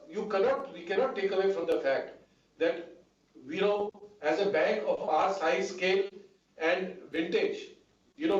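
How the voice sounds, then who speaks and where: A high-pitched man answers shareholders in a formal meeting. He speaks in measured runs with lots of "you know". The audio is distant and echoey, with a muffled, dulled tone. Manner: measured, with many fillers and repeated "you know". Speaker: bank executive answering shareholders.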